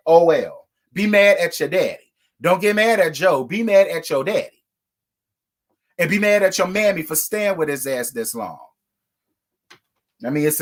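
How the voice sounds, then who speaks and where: A man hosting a casual reality TV recap, talking bluntly and profanely in a scolding tone. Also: a little high. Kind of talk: casual commentary rant.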